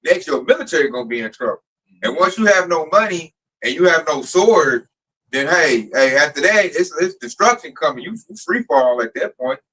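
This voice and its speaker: A man leading a teaching in casual street talk, animated and building to a near shout. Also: a little high, normal speed, husky, recorded from a distance, poor audio. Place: outdoor camp gathering.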